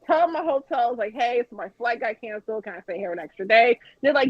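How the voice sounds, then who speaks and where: A woman with a husky, slightly raspy voice tells a lively story, swearing freely and mimicking the people she quotes. The sound is dry and dull, like lo-fi stream audio. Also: a little high, brisk, hardly any pauses, no echo. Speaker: guest. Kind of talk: casual storytelling on a podcast.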